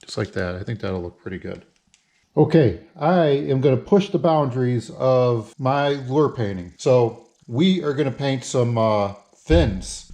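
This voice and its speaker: A man narrating his own hobby video in a casual how-to style. He talks through each step as he works, at a middling pitch for a man. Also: dark tone, slight background noise. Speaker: hobby lure painter.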